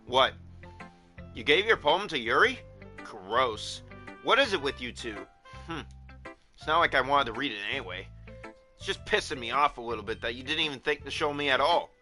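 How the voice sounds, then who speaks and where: A man's voice: mid-range voice, animated, moderate pace, long pauses, pushed and bright, faint music behind. A man reading aloud the lines of a grumpy, prickly teenage girl from a visual novel, huffy and dismissive.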